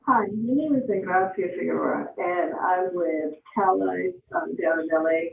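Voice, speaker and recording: A woman makes an impassioned public comment, earnest and pleading, and she slows her words on purpose. Her voice arrives through a thin, phone-like line that sounds far off and roomy, with a light hiss underneath. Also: fairly low pitch, creaky. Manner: earnest and pleading, slowing down deliberately. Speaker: public commenter and advocacy board member. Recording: tinny, echoey phone line from a distance.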